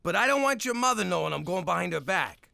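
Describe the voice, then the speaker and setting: Cartoon mob boss dad, gravel-voiced and bright-edged, blustery temper,. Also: medium pitch, very animated, full character voice. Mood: coaxing. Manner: blustery, quick to shout then soften. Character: gruff mobster dad, doting and hot-tempered. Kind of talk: adult cartoon voice acting.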